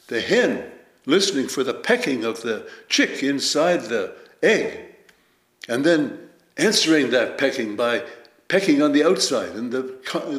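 A man giving a Zen dharma talk as teacher, measured and reflective, telling stories with lively emphasis. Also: on the high side. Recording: roomy echo.

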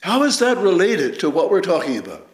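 Reflective man giving a Zen dharma talk. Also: sits high. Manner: measured, reflective, lively storytelling. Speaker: Zen teacher. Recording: roomy echo.

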